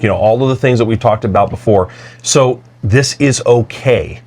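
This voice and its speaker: A man co-hosting a podcast, speaking in a thoughtful, slightly halting and agreeable way. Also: mid-range voice, a little mellow. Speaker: podcast co-host. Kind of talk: casual conversational podcast.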